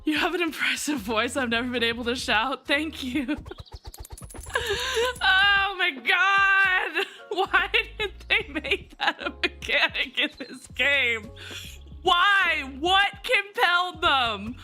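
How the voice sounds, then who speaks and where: A young woman with a high, bright voice, commentating a game stream. She mutters to herself unhurriedly, then swings into swearing, sarcastic rants and loud outbursts with a lively pitch. Faint music plays behind her. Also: slow pace. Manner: swears freely and rants sarcastically between muttered self-talk; bursts into loud laughing outcries. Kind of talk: live gameplay commentary. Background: faint background music.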